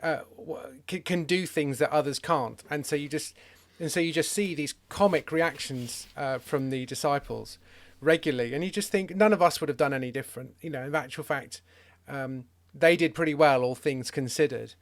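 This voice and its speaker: A man's voice: fairly high pitch, normal speed. A man hosting a podcast in casual conversation, thinking aloud playfully with restarts. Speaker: podcast host. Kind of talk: casual conversation about comedy and faith.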